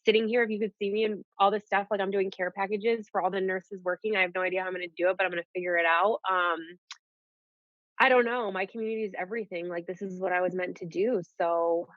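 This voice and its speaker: A young woman and nurse, telling her story in a casual, animated way and saying "like" often. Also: medium pitch, fast, dry recording. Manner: animated, peppers speech with "like". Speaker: nurse guest. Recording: dull lo-fi audio.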